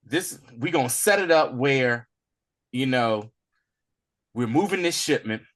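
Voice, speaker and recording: A man casually retelling a TV episode in loose, slangy speech, animated and acting out bits as he goes. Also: mid-range voice, measured pace. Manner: animated storyteller, loose and slangy, acts out lines. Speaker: podcast co-host recapping a TV episode. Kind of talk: casual recap chat.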